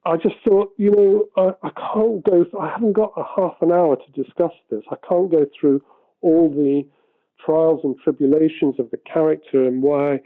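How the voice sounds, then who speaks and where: A man tells a behind-the-scenes story in an interview, rambling and correcting himself as he goes. His voice is slightly high. The audio is thin and tinny, like an old phone-line archive recording. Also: moderate pace. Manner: rambling, self-correcting, animated.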